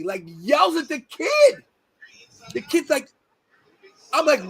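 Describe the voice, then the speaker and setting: High-voiced man telling animated stories. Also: unhurried, breathy edge, rough recording. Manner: animated, exclamatory anecdotes. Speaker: podcast host. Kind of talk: casual chat, storytelling.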